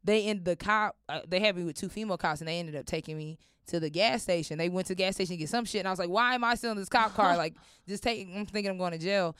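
Fast-talking young woman telling a wild story. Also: fairly low pitch, clean tone, no echo, clean studio sound. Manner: animated, acts out voices, swears often. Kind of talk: casual storytelling.

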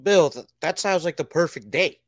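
A man's voice: fairly high pitch, normal speed, no room sound, studio quality. A man chatting casually on a podcast, teasing his co-host and swearing freely. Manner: joking banter, swears freely. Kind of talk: casual chat.

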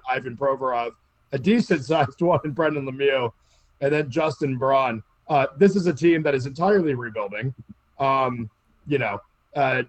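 A man's voice: on the high side, no echo. A man hosting a casual sports podcast, steering segments and reading through lists of names. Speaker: podcast host.

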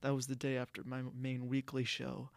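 Male podcast host, gravelly tone, rambly delivery with lots of restarts, dry close sound. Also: medium pitch, completely flat delivery, normal speed, no echo. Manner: rambling, frequent restarts and self-corrections. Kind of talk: casual solo podcast talk.

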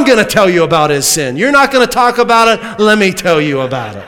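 A man preaching a sermon as a pastor, swinging from loud emphatic lines to hushed asides, with humorous remarks. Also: on the high side, big pitch swings, normal speed, vocal fry. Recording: long reverb of a large hall.

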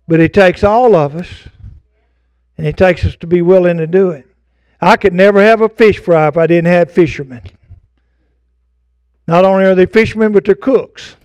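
High-voiced preacher man, fervent. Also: darkish tone, no room sound, dull audio. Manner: fervent preaching, folksy asides to the congregation. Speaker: pastor. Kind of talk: sermon. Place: church sanctuary.

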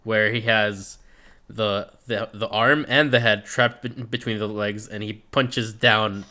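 A man's voice: lowish voice, fairly even intonation, a little slow, bright, forceful tone. A man co-hosting a casual podcast, recapping a fight show in a laid-back way, swearing freely and trailing off. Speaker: podcast co-host.

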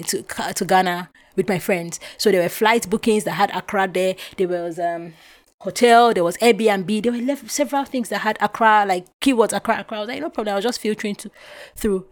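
A young adult woman from Nigeria hosting a podcast, telling a personal story with emotion and acting out what was said. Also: mid-range voice. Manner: animated, emotional retelling with acted-out quotes. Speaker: podcast host.

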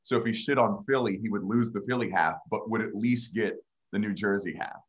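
Low-voiced thoughtful podcast host. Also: male voice, fairly quick, lo-fi sound. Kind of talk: casual podcast chat.

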